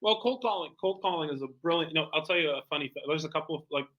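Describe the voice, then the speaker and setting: A man who is a guest in an interview, a tailor and entrepreneur telling sales anecdotes in a lively way, full of "like" and "you know". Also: fairly high pitch, racing, dull audio. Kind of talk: animated storytelling in conversation.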